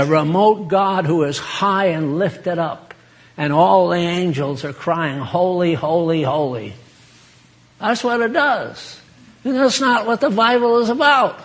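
A man preaching in a chatty, folksy way with a fairly high voice. He takes his time and stays unhurried. He laughs easily and talks straight to his listeners. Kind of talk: informal sermon.

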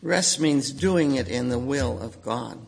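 A man preaching a sermon, animated, acting out quoted voices with sudden outbursts. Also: mid-range voice, unhurried, creaky, husky.

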